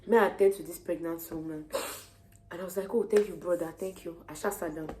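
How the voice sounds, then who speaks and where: A young woman with a Nigerian accent, heavily pregnant, casually retelling her day to camera in an animated way. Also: lowish voice, a little fast, a little hiss or hum. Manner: lively, animated retelling of conversations. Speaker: vlogger.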